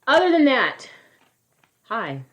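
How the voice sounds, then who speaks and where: A woman's voice: fairly high pitch, wildly swooping pitch, takes it slowly. A woman in her thirties co-hosting a podcast, chatting casually, swearing freely and laughing often. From California. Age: 30s. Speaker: podcast co-host. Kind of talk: casual chat.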